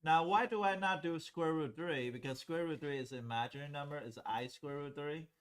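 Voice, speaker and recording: Speaking a little fast in a slightly high voice that is clear and resonant, a man lectures his calculus class at the whiteboard. His explanations are conversational, and he frequently asks students if they're keeping up.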